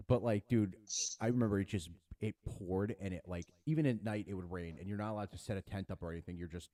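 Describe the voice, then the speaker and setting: A man's voice: sits low, fast talker, dark tone. A young man chatting on a podcast, telling rambling stories with swearing and quoting people as he goes. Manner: rambling storyteller, swears, acts out quotes. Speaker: podcast co-host. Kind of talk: casual chat.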